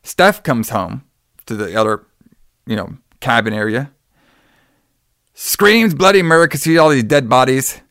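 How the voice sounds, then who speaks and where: A man's voice: medium pitch, lively intonation, measured pace, pauses often, fairly bright tone, no echo, studio quality. Rambling, profane man recapping a movie. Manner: profane, rambling, acts out characters' lines. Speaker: podcast co-host recapping a movie. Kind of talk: casual chat.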